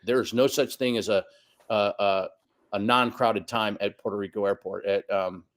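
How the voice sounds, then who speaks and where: A man's voice: on the low side, steady tone, moderate pace, a bit bright. A man in his fifties telling a long personal story as a guest on a podcast, acting out the voices of the people he quotes. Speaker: guest soccer coach. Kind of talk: casual storytelling interview.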